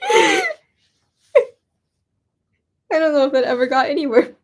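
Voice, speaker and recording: A woman's voice: high voice, huge pitch swings, measured pace. A young woman chatting casually while she quilts, giggling and rambling as she pokes fun at herself. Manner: giggly, rambling, self-mocking. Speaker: crafting YouTuber.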